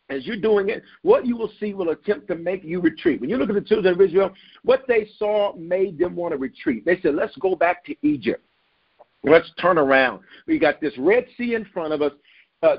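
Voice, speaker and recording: A man's voice: high-pitched, breathy edge, lo-fi sound. A man preaching a sermon as pastor, emphatic, repeating his key lines and calling on the listeners to hear him.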